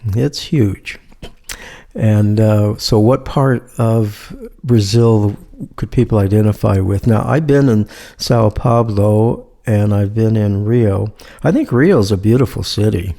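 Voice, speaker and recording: A male host leads an interview with calm, conversational questions. His voice is low and gravelly, with a dark, mellow tone. He speaks steadily and keeps an easy pace. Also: slow. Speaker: podcast host. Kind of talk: casual interview talk.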